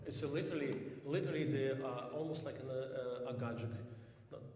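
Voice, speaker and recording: A man coaching a piano student in a master class, thoughtful, clearing his throat often and singing phrases to show them. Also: medium pitch, steady tone, brisk, a little mellow, heavy reverb, big-room sound.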